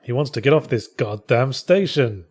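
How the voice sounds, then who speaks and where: A man's voice: medium pitch, animated, normal speed, darkish tone. A man, the developer of a game, giving wry, casual let's-play commentary while explaining its mechanics. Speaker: game developer playing his own game.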